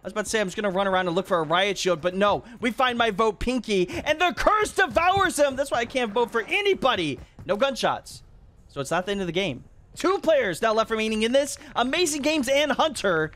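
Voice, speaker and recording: A man hosting a game video, commentating his play and reacting with quick bursts of loud disbelief. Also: high voice, sing-song. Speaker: YouTube gaming host. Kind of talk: gameplay commentary.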